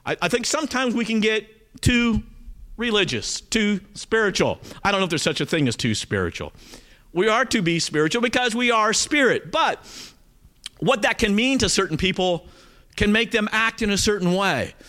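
A man's voice: high-pitched, normal speed. A male pastor with a Southern accent preaching a sermon, talking straight to his congregation with frequent check-ins. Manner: animated, talks straight to the congregation with frequent "okay?".

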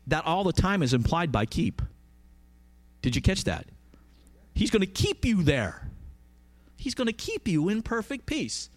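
A man preaching a conversational sermon, emphatic and often asking his listeners questions. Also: sits high.

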